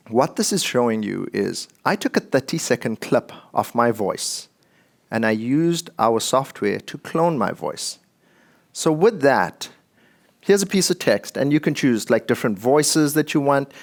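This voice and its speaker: A man's voice: medium pitch, creaky. Man giving a chatty tech talk. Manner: conversational and joking, addressing the audience. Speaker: conference speaker.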